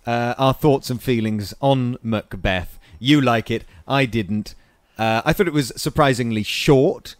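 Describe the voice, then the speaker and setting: A man's voice: mid-range voice, a little slow, hardly any pauses, no echo, studio quality. A man from England hosting a casual podcast chat about films, chatty and laughing often. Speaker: podcast host.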